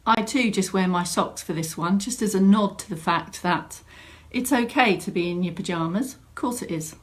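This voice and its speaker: A woman's voice: mid-range voice, normal speed. A woman fitness instructor, chatting and greeting viewers by name at the start of a live online exercise class from a home room. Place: home room set up as studio.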